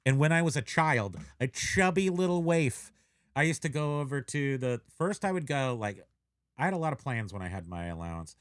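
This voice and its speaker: A man's voice: medium pitch, lively intonation, moderate pace, no room sound. Rambling middle-aged man, dry close sound. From Menlo Park, California. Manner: rambling, self-mocking storyteller. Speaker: co-host of a reselling live show. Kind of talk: casual live-stream chat.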